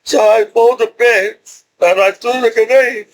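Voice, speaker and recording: Middle-aged man, high voice, loose rambling storyteller who laughs between lines. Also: fairly even intonation, normal speed. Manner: rambling, repeats and restarts, laughs often. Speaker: veteran telling his story. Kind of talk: casual storytelling.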